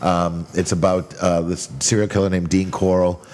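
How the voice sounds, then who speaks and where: A man's voice: low voice, flat delivery, moderate pace, a little mellow, a little hiss or hum. A man who co-owns a bar, talking loosely and profanely in a casual chat. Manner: loose, laid-back, swearing. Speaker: co-host, bar owner.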